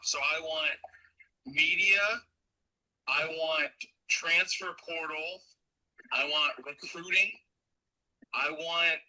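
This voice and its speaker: A man's voice: fairly high pitch, sharp tone, rough recording. A man leaving an easygoing voice note on his way to work, sometimes searching for words. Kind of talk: casual voice message.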